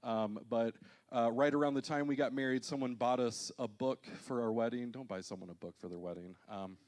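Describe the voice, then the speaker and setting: Preaching in a church auditorium, a pastor in his thirties tells funny, self-deprecating stories to his congregation. He has a medium-pitched, darkish voice and speaks a little fast.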